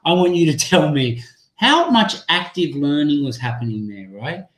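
A man's voice: on the high side, expressive, normal speed, a bit bright. A man presenting a live teacher-training webinar, chatty and apologetic, thinking aloud as he demos an app on a video call. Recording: echoey room sound.

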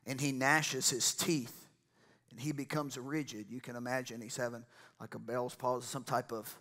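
A man preaching a lively sermon, building to loud excited shouts and exclamations. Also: mid-range voice. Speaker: pastor.

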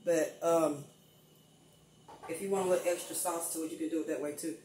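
A woman's voice: low voice, fairly even intonation, brisk, warm tone, slight background noise. An older woman chatting casually to viewers as she cooks in her home kitchen, calling them y'all. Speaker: cooking vlogger. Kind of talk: casual home cooking vlog. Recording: echoey room, mic at a distance.

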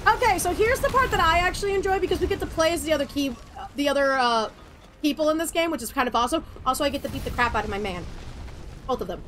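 A woman's voice: sits high, expressive, fast talker, fairly bright tone, slight background noise. A young woman giving casual, sarcastic gameplay commentary, swearing freely and laughing often. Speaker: let's play streamer.

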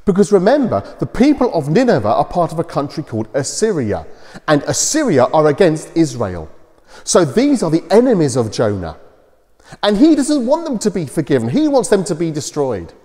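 Animated man preaching in a reverberant church. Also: a little high, moderate pace. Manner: animated storytelling with simple explanations. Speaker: preacher giving a children's talk. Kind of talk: children's talk retelling a Bible story.

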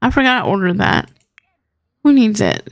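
A woman's voice: mid-range voice, normal speed, dry recording, clean studio sound. A young woman hosting a gaming channel, chatting casually as she plays and talking to her game characters. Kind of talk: casual gameplay commentary.

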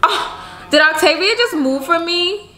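A woman's voice: very high-pitched, a little slow, pushed and bright, faint music behind. A woman casually commenting on her life-sim game in a chatty, slangy, giggly way. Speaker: gaming youtuber. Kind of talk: casual let's-play commentary.

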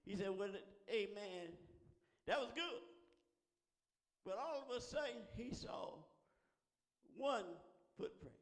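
A man, preaching a sermon as pastor, calling out to the congregation and often asking "huh?" in a call-and-response style. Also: extremely high pitch. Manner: preaching with rising calls and repeated "huh?". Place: church sanctuary. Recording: long church reverb.

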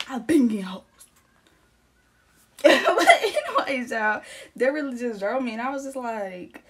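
A young woman chats through a storytime, animated and full of slang. She laughs often and acts out the lines of the people in the story. Her voice sits fairly high. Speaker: storytime vlogger. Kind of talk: casual storytime chat.

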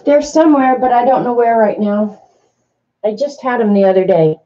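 A woman's voice: medium pitch, moderate pace, warm tone, lo-fi sound. Flustered woman talking through a craft project. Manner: chatty, flustered, thinking aloud. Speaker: crafter demonstrating a die-cutting machine. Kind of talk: casual craft demonstration to viewers.

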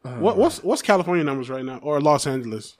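A man co-hosting a podcast in casual comedic chat, talking in excitable, quick bursts. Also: a little high. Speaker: podcast co-host.

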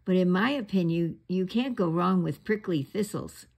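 A woman's voice: lowish voice, normal speed, creaky, darkish tone. A woman reading aloud and voicing Eeyore, a gloomy, resigned male donkey from a storybook.

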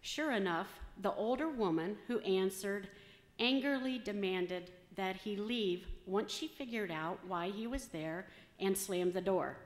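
A woman's voice: medium pitch, unhurried. Chatty woman telling a joke in a reverberant church. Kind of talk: casual storytelling to a congregation. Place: church sanctuary. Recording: echoey church hall with long reverb.

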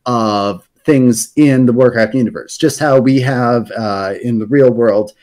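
A man's voice: mid-range voice, measured pace, darkish tone. A man on a podcast explaining video game lore in a casual, rambling way, with many fillers and restarts.

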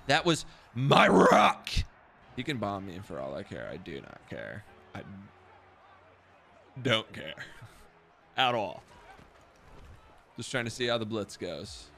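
A man's voice: on the low side, animated, takes it slowly, gravelly, long pauses, pushed and bright, slight background noise. Profane young man streaming a game. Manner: profane, self-mocking trash talk with sudden outbursts. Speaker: gaming streamer. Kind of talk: live gameplay commentary.

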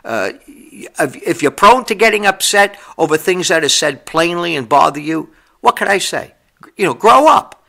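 An older man delivers a blunt, plain-spoken sermon as a pastor, his voice gravelly. The tone is bright and sits somewhat high for a man. He stumbles and restarts often as he talks. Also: lively intonation, moderate pace. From New York.

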